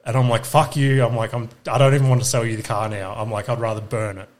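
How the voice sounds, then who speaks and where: A man's voice: on the low side, fairly even intonation, fast talker, darkish tone. A young Australian man, a podcast co-host, telling stories in casual chat, swearing freely and acting out what people said.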